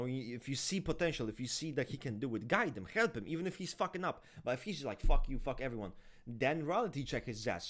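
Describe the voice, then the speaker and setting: A man in casual podcast talk, ranting and swearing heavily in an animated way. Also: a little high. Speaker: podcast co-host. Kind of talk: heated casual discussion.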